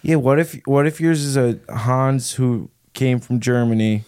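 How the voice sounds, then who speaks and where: A man's voice: medium pitch, steady tone, unhurried, a little mellow, clean tone, dry recording, studio quality. A man co-hosting a podcast, chatting casually and playfully, riffing on silly ideas with his friend. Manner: playful, joking, riffs on ideas. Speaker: podcast co-host. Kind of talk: casual chat.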